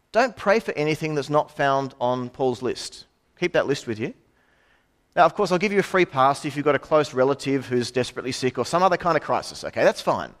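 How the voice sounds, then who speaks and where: A middle-aged man delivers a sermon. He sounds conversational, throwing in asides and rhetorical questions. His voice sits slightly high and swings widely in pitch. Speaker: preacher.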